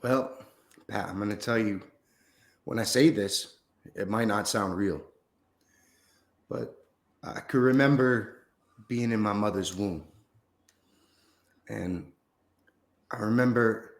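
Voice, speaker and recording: A man playing a grandiose, rambling mystic who muses slowly and solemnly in a comedy sketch. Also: lowish voice. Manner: slow, solemn pseudo-scientific musing, drawn-out pauses. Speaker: guest in a parody interview.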